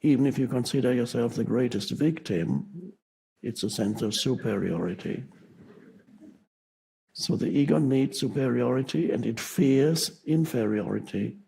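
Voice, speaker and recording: A man giving an unscripted spiritual talk to an audience, slow and reflective, with pauses and self-corrections. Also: medium pitch, vocal fry, warm tone, breathy edge. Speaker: spiritual teacher.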